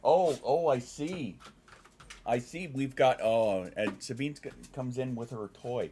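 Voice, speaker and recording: A man's voice: mid-range voice, expressive, unhurried, dark tone. A man chatting casually on a live stream, loose and profane, talking to his pets between comments.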